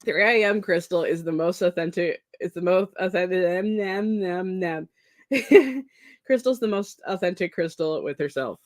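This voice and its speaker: A woman's voice: fairly low pitch, lively intonation, moderate pace, no echo, clean studio sound. A sleep-deprived young woman rambling and laughing as she chats with viewers on a live stream. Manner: rambling, scattered, self-deprecating, laughs often. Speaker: streamer hosting a productivity stream. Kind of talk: casual live-stream chat.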